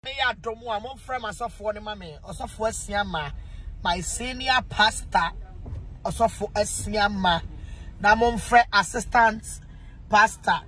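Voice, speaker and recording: A woman's voice: medium pitch, unhurried, fairly bright tone, slightly rough, low-quality recording. A Ghanaian woman pastor talking casually on a phone live stream, exclaiming, reading viewer comments aloud and breaking into bits of song.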